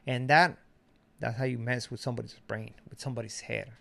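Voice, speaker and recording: A man's voice: medium pitch, steady tone, fairly quick, creaky, a bit bright. A middle-aged man from Mexico giving a blunt, slangy commentary monologue. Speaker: commentary streamer.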